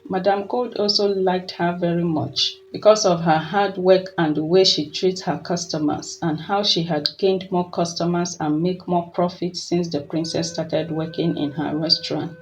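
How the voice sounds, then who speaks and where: A storyteller giving scripted folktale narration in a measured, steady way. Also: medium pitch, slight background noise, poor audio. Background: soft music.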